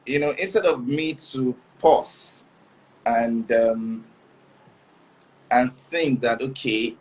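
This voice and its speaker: A man with a husky, mid-range voice talks in a relaxed interview. He speaks haltingly, restarting phrases as he works through his thoughts. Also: medium pitch, rough recording. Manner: halting, many restarts and laughs. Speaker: guest, husband. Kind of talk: casual interview chat.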